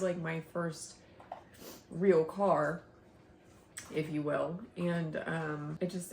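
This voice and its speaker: A young woman talks casually to her camera at home, rambling and breaking into frequent laughs. Her voice sits on the low side. The room is echoey, with a faint hiss underneath. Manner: chatty, rambling, laughs often, soft sighs. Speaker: vlogger, stay-at-home mom. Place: home, indoors.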